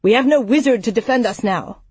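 A woman's voice: fairly high pitch, a little fast, a little mellow, slightly rough, no echo. A woman narrator voicing a blunt village man pressing for defense, raising her voice for him. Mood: urgent.

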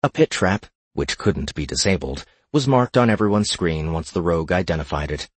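A man reading a fantasy gaming story aloud in a steady narrating voice. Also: low voice, normal speed, husky, no room sound.

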